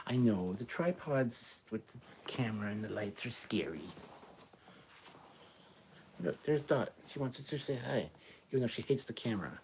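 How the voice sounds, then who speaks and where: A man's voice: medium pitch, expressive, moderate pace, long pauses, a little mellow, slight background noise. A middle-aged man hosting a casual livestream, reading viewer comments aloud and reacting in a chatty way, swearing freely and joking about himself. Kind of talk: casual live chat.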